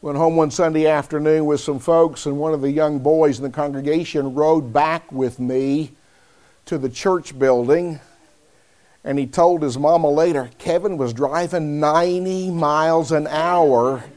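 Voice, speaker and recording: A man preaching a sermon, speaking deliberately and calling on listeners by name. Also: on the high side, steady tone, warm tone.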